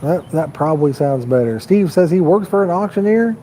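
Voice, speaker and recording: Chatty fishing-stream host, mellow man. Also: a little high, expressive, fairly quick, a little hiss or hum, low-quality recording. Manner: rambling, chatty, talks to viewers in the chat. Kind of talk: casual live-stream chat. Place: outdoors by a park pond.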